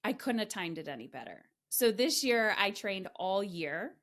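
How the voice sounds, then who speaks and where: A woman's voice: mid-range voice, moderate pace. A middle-aged woman hosting a podcast, telling a personal story candidly, with emphatic delivery and frequent swearing. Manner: emphatic, swears freely, animated retellings. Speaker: podcast host.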